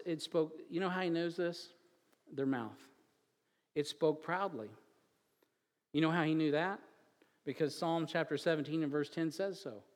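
A man preaching a sermon, moving from quiet joking asides with chuckles to loud, emphatic build-ups. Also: on the high side, big-room sound. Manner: chuckles and jokes between scripture readings. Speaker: pastor.

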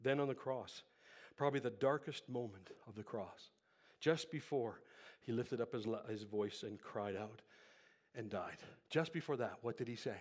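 A man preaches to a congregation in a fairly low voice with a breathy edge. His sermon rises and falls between quiet, slow sections and loud, impassioned highs, and he breathes heavily into the microphone.

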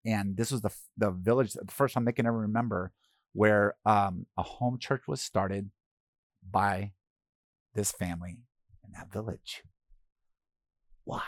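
Guy preaching, casual and chatty, lots of ums, dry close mic, goes quiet on the tender parts and louder on the big points. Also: fairly low pitch, unhurried, long pauses, no echo. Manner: conversational, with fillers and repeated words. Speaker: pastor. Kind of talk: sermon with a personal story.

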